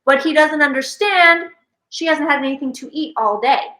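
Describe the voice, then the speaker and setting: A woman with a bright, forceful voice and a slightly high pitch tells stories with lively energy. She acts out quoted lines as she goes. The room gives her voice a noticeable echo. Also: normal speed. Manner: animated storyteller who acts out quoted speech. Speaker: psychic medium and host. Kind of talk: casual chat.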